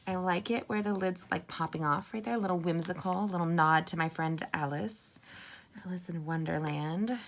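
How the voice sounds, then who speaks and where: Chatty woman, gravelly low voice. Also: moderate pace. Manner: chatty, upbeat, addresses viewers as "you guys" and "sisters". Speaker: card-making instructor. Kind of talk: casual crafting tutorial.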